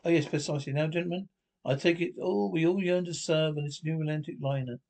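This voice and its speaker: A man's voice: on the high side, fast, creaky, darkish tone. A man reading the part of a fussy, pompous ship's officer who talks in long, winding sentences.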